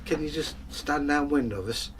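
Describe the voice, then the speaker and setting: A man's voice: normal speed, distant mic, noisy background, close to an everyday voice. A man doing a bossy, impatient knight. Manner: loud, brusque and high.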